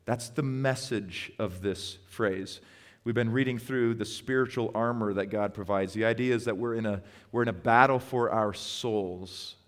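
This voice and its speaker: A man preaching a sermon as pastor, retelling scripture stories and slowing down to stress key words. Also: on the low side. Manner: storytelling, with emphatic slow stresses. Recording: long reverb of a hall.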